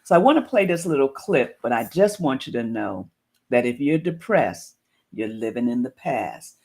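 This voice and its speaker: A woman's voice: extremely low pitch, animated, moderate pace, darkish tone, slightly rough. A woman hosting a streamed talk show, reflective and encouraging, with loose, easy phrasing. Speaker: show host.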